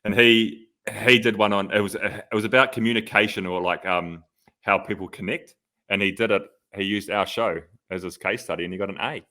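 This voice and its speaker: A former pro cyclist co-hosting a podcast tells stories in casual conversation, sprinkling in lots of "like." His voice sits on the low side, steady and bright, with a forceful tone and a fairly quick pace.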